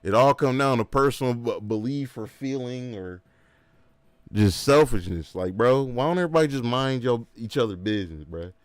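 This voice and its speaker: Brief: male streamer, casual chat, animated slangy ranting, mid pitch, dry close sound. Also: moderate pace, dry recording.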